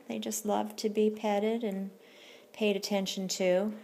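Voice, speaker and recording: A woman breeder chatting casually as she films her kittens at home, unhurried and full of fillers. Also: mid-range voice, little pitch movement, gravelly, a little mellow, slight background noise. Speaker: cat breeder. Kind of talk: casual home video narration.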